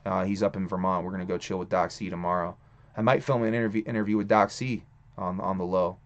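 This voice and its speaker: A man's voice: low-pitched, fairly even intonation, fast talker. A young man hosting a live stream, rambling casually with lots of cursing and loose restarts. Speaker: streamer host. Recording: dull lo-fi stream audio.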